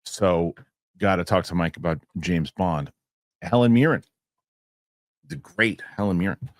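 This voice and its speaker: Picture a man with a very deep voice hosting a casual podcast, recorded close and dry with almost no room sound. He reads news stories out loud and then talks them over with his co-host in an easy, conversational way. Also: unhurried, dry recording. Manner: reads news items aloud, then chats.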